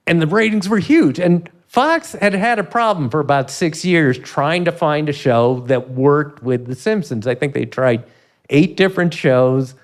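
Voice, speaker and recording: Laughing, animated male storyteller. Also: fairly high pitch. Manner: animated storyteller, laughs often, acts out quotes. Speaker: interview guest, TV comedy writer. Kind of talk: storytelling in a podcast interview.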